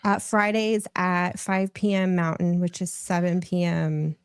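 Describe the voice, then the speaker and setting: A woman's voice: on the low side, fairly even intonation, a little slow, clear, resonant tone, no echo. A woman guest on a podcast, telling a long story in a rambling, casual way and laughing often. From United States.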